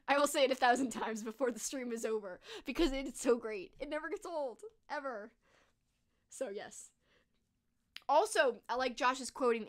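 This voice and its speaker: A young woman streaming from her desk, talking fast and freely as she reads out viewer comments. Her voice sits a touch high, and she gushes, stacking fillers between thoughts. It sounds like a casual one-person chat into a desk mic. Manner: gushing, chatty, full of fillers.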